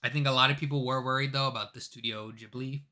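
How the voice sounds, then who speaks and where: A woman's voice: extremely low pitch, steady tone, quick pace, pushed and bright. A woman co-hosting a casual chat with a laid-back, slangy and teasing manner.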